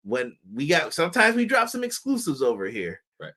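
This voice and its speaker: Man, casual show host, animated, loose, cursing, slightly high pitch. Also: brisk. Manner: loose, animated, laughing, cursing, doing mock voices. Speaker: wrestling podcast host.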